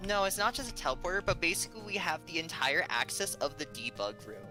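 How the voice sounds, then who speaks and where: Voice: mid-range voice, sing-song, fast, music in the background. A guest chatting casually and enthusiastically, rambling with many fillers. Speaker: guest, former game play tester. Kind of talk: casual chat.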